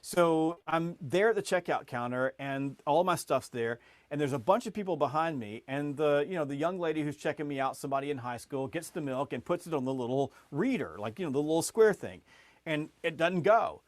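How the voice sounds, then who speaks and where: A middle-aged man with a fairly high voice spins an animated sales story as a podcast guest. His volume and pitch climb as the tale builds, and his words often tumble into quick restarts. The sound is close and dry, with no room around it. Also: no echo.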